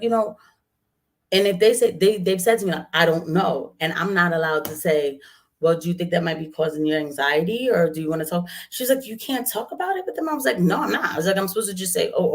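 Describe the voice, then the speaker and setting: A woman, a nurse, telling a story casually outdoors and acting out both sides of an argument in quoted voices. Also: fairly low pitch. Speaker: registered nurse and vlogger. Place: outdoors in the heat.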